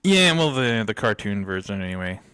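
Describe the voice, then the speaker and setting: A man's voice: lowish voice, sing-song, fairly quick, bright, forceful tone, clear, resonant tone, no room sound, studio quality. A man co-hosting a podcast in casual chat, rambling and chuckling often between thoughts. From United States. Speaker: podcast co-host.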